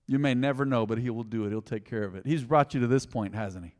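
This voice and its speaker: A man preaching a sermon, telling a story and acting out the lines with lively swings in loudness. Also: medium pitch, brisk, hardly any pauses, long reverb tail. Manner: animated preaching, acting out quotes. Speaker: pastor.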